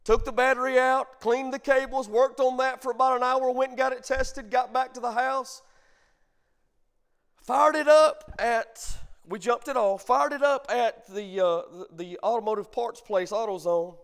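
Pastor, man, middle-aged, high voice, preaching with call-and-response and folksy storytelling. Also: fairly even intonation, normal speed, a bit bright, smooth. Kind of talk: sermon.

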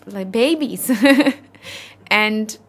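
A South African woman in her thirties, an interview guest telling a personal story in an earnest, halting, heartfelt way. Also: medium pitch, fairly bright tone.

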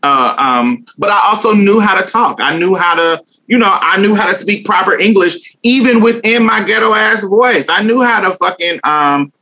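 A woman's voice: medium pitch, expressive, moderate pace, hardly any pauses, pushed and bright. A young woman talking candidly in an interview, blunt and emphatic, swearing freely and laughing often. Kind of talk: candid casual conversation.

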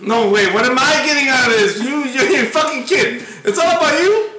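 A man's voice: very high-pitched, a little fast, crowd noise. Man playing a blustering angry father. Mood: indignant. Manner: blustering, crude, slangy. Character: angry middle-aged father demanding payment. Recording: echoey room, loud background noise.

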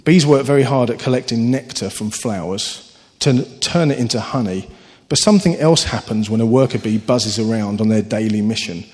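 Man preaching in a reverberant hall. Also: a little fast. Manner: earnest, animated storytelling with sudden lifts in pitch. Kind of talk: sermon.

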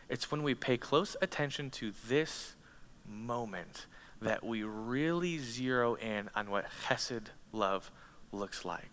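A man preaching a sermon, retelling a story dramatically, rising to loud passages and dropping to hushed ones. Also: medium pitch, expressive, slow, a little hiss or hum. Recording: long hall reverb.

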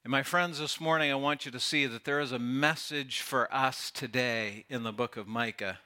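Bright-voiced preacher giving a sermon. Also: male voice, medium pitch, moderate pace. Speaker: pastor.

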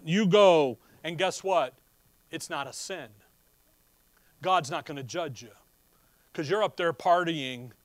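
A man preaching a sermon, reading scripture and explaining it in a folksy, animated way. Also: on the high side, no echo.

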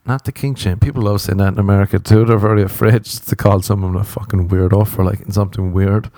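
A man's voice: on the low side, flat delivery, fast, dark tone, no echo. A young Irish man in his twenties, rambling through a comedic solo chat, profane and self-mocking, close to the mic. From Ireland. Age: 20s.

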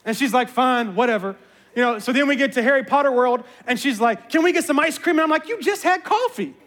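A man, a pastor, giving a sermon as an animated, self-mocking storyteller. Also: very high-pitched, fast talker. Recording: long reverb of a large hall.

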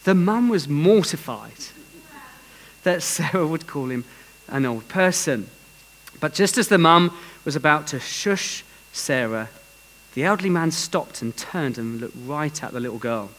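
A man's voice: a little high, expressive, measured pace, fairly bright tone, a little hiss or hum, poor audio. A man preaching a sermon in an earnest way, telling a story with some restarts.

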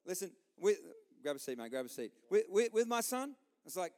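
A middle-aged man preaching a sermon as a pastor, impassioned, swinging between loud outbursts and quiet asides. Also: high voice, very animated, fairly quick, in a large hall.

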